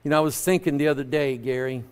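A man preaching a sermon as pastor, at times raising his voice and at times speaking softly and personally. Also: a little high, quick pace, smooth. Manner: preaching loudly then dropping to a soft, personal tone.

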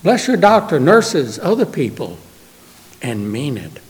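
A man's voice: on the high side, big pitch swings, unhurried. Earnest preacher man in a reverberant church. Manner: earnest preaching, swinging from emphatic to hushed. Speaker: pastor. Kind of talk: sermon. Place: church sanctuary. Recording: long reverb of a church hall.

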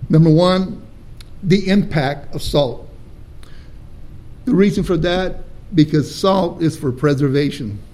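A pastor preaching a sermon with emphatic, deliberate stresses and rhetorical questions to his congregation in church. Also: a little high, darkish tone.

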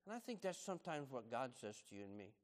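A middle-aged man preaching a sermon, swinging from loud, animated emphasis to hushed, low tones. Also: quick pace, long reverb tail. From United States. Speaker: pastor.

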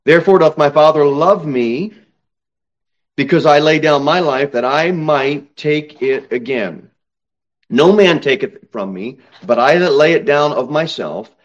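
Emphatic male preacher, dull lo-fi sound. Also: a little high. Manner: preaching with slow emphatic stresses and sudden raised peaks. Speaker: pastor. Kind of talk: sermon. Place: church sanctuary, at the pulpit.

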